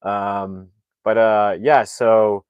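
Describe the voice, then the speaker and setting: Low-voiced man casually recapping a movie. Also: level tone, drawn-out words, clear, resonant tone, dry recording, dull audio. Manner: rambling, filler-heavy retelling, acting out lines with raised shouts. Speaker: movie reviewer.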